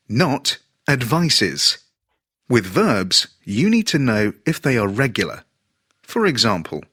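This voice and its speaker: Male audio-book narrator, slow, bright and a little husky, very lively pitch. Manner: slow, deliberate, stressing example words. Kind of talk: scripted instructional reading.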